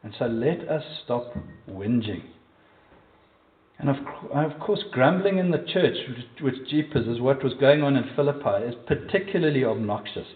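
South African preacher in an echoey church. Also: male voice, mid-range voice, lively intonation, normal speed. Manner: emphatic, asks the congregation direct questions. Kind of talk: sermon. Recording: echoey, distant, phone-like sound.

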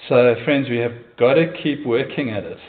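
A male pastor preaching a sermon in a church, earnest and conversational, with frequent hesitations. His voice sits in a middle pitch. The sound is thin and narrow, like a phone line. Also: normal speed.

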